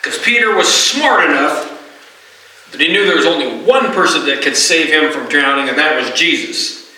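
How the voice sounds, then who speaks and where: Middle-aged pastor preaching in a roomy church. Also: male voice, on the high side, lively intonation, normal speed, pushed and bright. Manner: conversational, often asks the congregation "right?". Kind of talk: sermon. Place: church sanctuary. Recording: roomy hall, distant mic.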